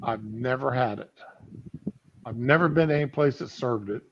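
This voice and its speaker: A man's voice: mid-range voice, moderate pace, a little hiss or hum. A man chatting casually on a stream, rambling with fillers as he talks about cooking and home life. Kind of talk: casual chat. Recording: lo-fi stream audio.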